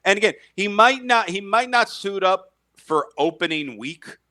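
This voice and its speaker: A man holds forth on a casual sports talk podcast, his voice bright and forceful and sitting a little high. He repeats words as he builds his argument and chuckles at his own bold calls. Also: lively intonation, unhurried.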